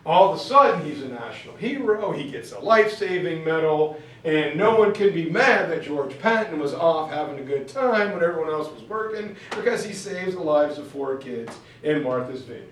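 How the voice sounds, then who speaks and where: A male teacher tells a history story to his class in a loose, chatty way. His voice sits a bit high. The classroom echoes heavily and he is far from the mic. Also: normal speed, hardly any pauses. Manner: casual, chatty, animated.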